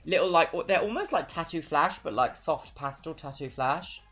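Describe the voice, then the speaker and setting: A young woman from London speaks with a London accent in a low but very lively, swooping voice. She chats casually with a live-stream audience, bubbly and quick to laugh. Soft music plays faintly behind her. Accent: London English. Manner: bubbly, chatty, laughs often.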